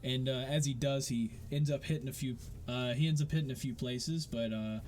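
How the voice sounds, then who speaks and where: A man's voice: mid-range voice, fairly even intonation, fairly quick, a little mellow, a little hiss or hum. A man narrating a tabletop game as game master in a casual, rambling way with many fillers.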